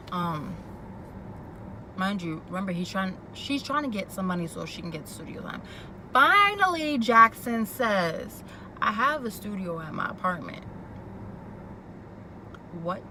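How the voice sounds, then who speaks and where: Woman doing a sassy tv recap, noisy background with cars going by. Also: mid-range voice. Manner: animated, quoting characters and reacting with sass. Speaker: TV recap vlogger. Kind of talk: casual chat recapping a TV episode.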